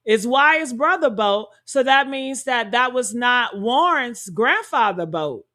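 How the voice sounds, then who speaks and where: A commentary host walks her viewers through a true-crime story in a high, expressive voice with a sharp tone, taking her time. She leans on rhetorical questions and calls her audience "honey" and "y'all."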